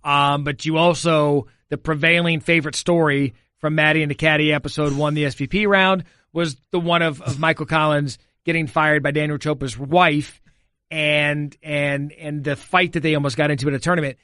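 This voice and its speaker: A woman's voice: low voice, steady tone, moderate pace, fairly bright tone, no room sound. A woman co-hosting a podcast in a studio, chatting casually and laughing as she tells a story. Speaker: podcast co-host. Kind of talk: casual chat. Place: radio studio.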